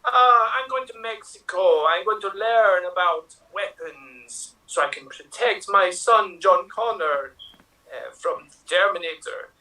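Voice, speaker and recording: Improv bit: a man playing a frantic heroine who is secretly a robot, wailing, bright and far off. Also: sits high, measured pace, pitched below the performer's own voice, exaggerated voice. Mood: panicked wailing. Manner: wailing and squealing, then flat robotic menace.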